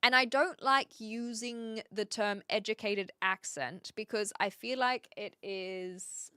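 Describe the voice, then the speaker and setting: A woman with an educated New Zealand accent, chatting casually on a live stream, rambling, pausing to search for words and reading chat aloud. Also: mid-range voice, steady tone, pushed and bright, clear, resonant tone, no echo, studio quality.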